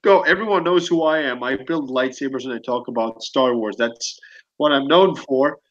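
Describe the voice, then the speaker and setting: A man's voice: mid-range voice, a bit bright. Man hosting a stream, lo-fi mic. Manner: halting, many uh fillers. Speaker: stream host. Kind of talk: casual online panel chat. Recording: dull lo-fi mic.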